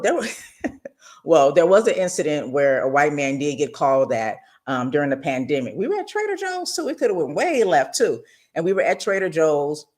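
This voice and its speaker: Low-voiced and middle-aged, this radio talk show host spins stories casually and expressively, often breaking off for asides to the audience.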